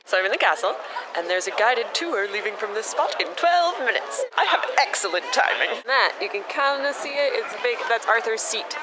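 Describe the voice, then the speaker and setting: A woman's voice: on the high side, expressive, normal speed, a crowd in the background. A young woman vlogging casually as she travels, chatty and upbeat with self-deprecating asides. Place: city streets, outdoors. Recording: clear urban street noise with traffic.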